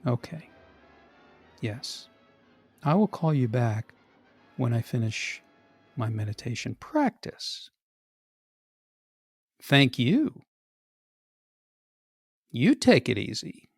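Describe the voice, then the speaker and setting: A man acting out a comedy sketch as a man who forces himself to sound calm during a phone call about an overdue bill. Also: mid-range voice, soft background music, heavily acted. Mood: forced calm. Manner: hushed, breathy, deliberately slow.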